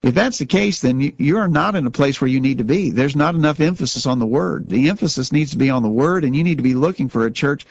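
A man's voice: mid-range voice, animated, fast, creaky, few pauses, a little mellow, dry recording, dull audio. A man co-hosting a religious talk show, speaking earnestly and often repeating words as he starts a sentence. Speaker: radio show co-host.

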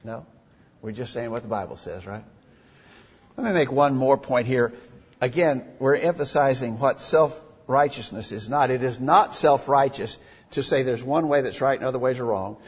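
A man's voice: mid-range voice, moderate pace, breathy edge. A man preaching a sermon in an earnest, emphatic way, reading scripture aloud. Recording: dull lo-fi recording in a reverberant hall.

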